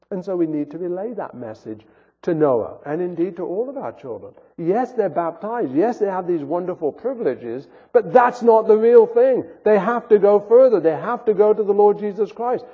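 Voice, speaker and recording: A man's voice: sits high, breathy edge. A man, a pastor, delivering an earnest sermon with rising and falling emphasis, heard through a tinny, phone-like recording. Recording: phone-like sound with long hall reverb.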